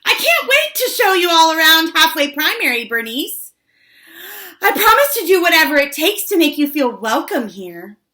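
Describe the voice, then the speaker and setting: A woman's voice: very animated, moderate pace, heavily acted. A woman voicing a bossy fifth-grade girl who gushes to impress adults, in an audiobook reading. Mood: fawning. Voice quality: high, loud, showy sweetness.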